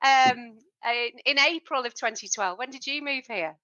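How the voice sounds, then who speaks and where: A woman hosting an interview series, enthusiastic and quick to chime in. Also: sits high, sharp tone, lo-fi sound. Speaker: interview host. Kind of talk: podcast interview.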